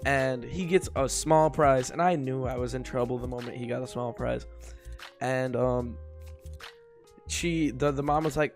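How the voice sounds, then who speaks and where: A man's voice: mid-range voice, steady tone, a little slow, soft background music. A young man co-hosting a podcast, telling a story in a rambling, casual way with lots of filler words and laughter. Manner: rambling, full of likes and laughs. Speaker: podcast co-host.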